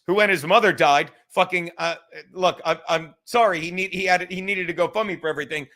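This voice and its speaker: A man with a New York accent hosting a podcast livestream, ranting loudly and profanely, swinging between shouting and muttering asides. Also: high voice, fairly quick. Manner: loud, swearing, rambling, shifts from shouting to mumbling. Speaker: podcast host.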